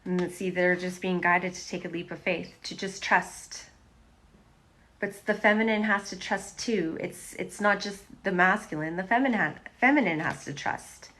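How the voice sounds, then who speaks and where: A woman's voice: lowish voice, normal speed, a bit bright. Chatty woman reading tarot. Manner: chatty, repetitive, talks to the camera. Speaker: tarot reader. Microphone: phone or webcam on a livestream.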